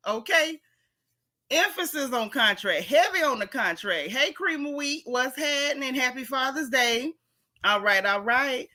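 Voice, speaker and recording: Lady hosting a live chat, quick and sassy, kinda high voice. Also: expressive, pushed and bright. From Florida. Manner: fast, sassy, talks straight to viewers. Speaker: livestream host. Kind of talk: casual livestream chat.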